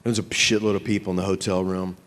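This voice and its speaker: A man's voice: low voice, little pitch movement, fast talker, long reverb tail. A man on a convention panel stage, telling a comic story full of swearing and stammered restarts. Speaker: actor on a fan convention panel.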